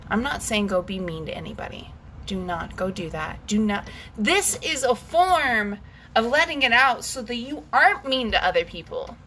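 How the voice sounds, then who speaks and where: A woman's voice: on the high side, sing-song, normal speed, a bit bright, a little hiss or hum. A woman leading a guided scream and breathwork session, intense and emphatic, swearing freely as she urges listeners to let their anger out. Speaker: breathwork coach.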